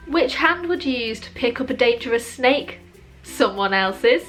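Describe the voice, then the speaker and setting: A woman reading a long list of pun jokes, landing the punchlines slowly and dryly and adding wry asides. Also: fairly high pitch, soft background music. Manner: dry, slow deadpan punchlines with wry self-commentary. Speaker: joke video creator.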